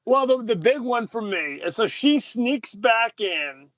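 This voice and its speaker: A man co-hosting a podcast, chatting casually about a film and retelling scenes with lively excitement. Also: extremely high pitch, measured pace, dry recording. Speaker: podcast co-host.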